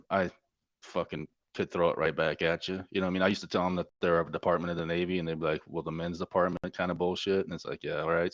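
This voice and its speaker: Guest, male, middle-aged, deep and gravelly low register, profane easygoing storyteller, muffled dry lo-fi line. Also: fairly bright tone, no room sound. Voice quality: profane, laid-back storyteller. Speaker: Navy corpsman guest. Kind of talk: casual storytelling interview. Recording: dull, dry lo-fi sound.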